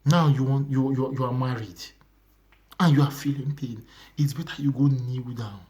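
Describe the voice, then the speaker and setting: Young Nigerian preacher, earnest sermon voice, repeats lines, dips into whispers. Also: male voice, medium pitch, fairly even intonation, normal speed. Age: young adult. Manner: earnest, repetitive preaching that drops to hushed whispers.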